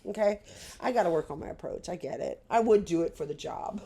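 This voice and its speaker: Blunt, candid woman with a low voice. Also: animated, fairly quick, dark tone, breathy edge. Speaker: podcast guest. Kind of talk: casual chat.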